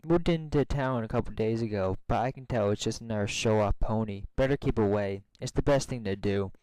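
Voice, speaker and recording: A nervous, protective young pony mare from a fan storybook, warning and scolding in a smooth, dry voice, as a man reading the story puts her on. She sounds insistent and fretful, sliding higher when she gets upset. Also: darkish tone, no echo, natural voice, low-quality recording. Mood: wary. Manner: insistent, worried, quick to anger.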